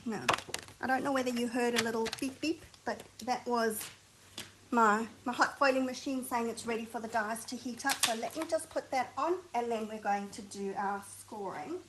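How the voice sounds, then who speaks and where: A woman hosting a craft tutorial, chatting and thinking aloud as she works, sometimes dropping to a soft near-whisper while she concentrates. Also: medium pitch, background noise. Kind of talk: chatty hands-on craft demonstration.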